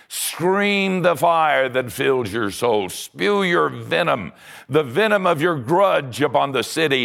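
A preacher giving voice to a gloating male devil figure, reading slowly and tauntingly in a dramatic rendering of an allegory. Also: a little high, vocal fry, fairly bright tone, voice pushed up, full character voice. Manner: slow, drawn-out, taunting delivery.

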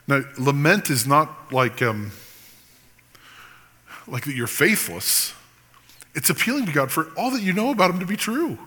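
A man's voice: fairly high pitch, bright, forceful tone, breathy edge, big-room sound. A man preaching a sermon as pastor, earnest and sometimes impassioned. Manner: earnest, rises to impassioned pleading at times.

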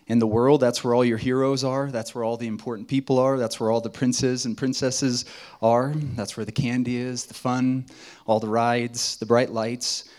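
A man's voice: medium pitch, level tone, moderate pace, a little mellow. A male pastor preaching conversationally at a retreat, joking with the audience. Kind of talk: sermon at a retreat. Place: retreat meeting hall.

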